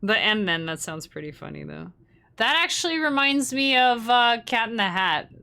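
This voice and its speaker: A woman's voice: a little high, lively intonation, normal speed, creaky, bright, forceful tone. A young woman, hosting a livestream in casual, rambling chat and laughing often. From Canada. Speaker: livestream host.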